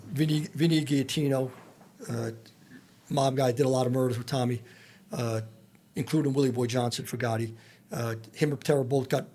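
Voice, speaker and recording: A former federal agent appears as a podcast guest, telling blunt, profane stories packed with quoted dialogue in a casual interview. His voice is mid-range with a warm tone.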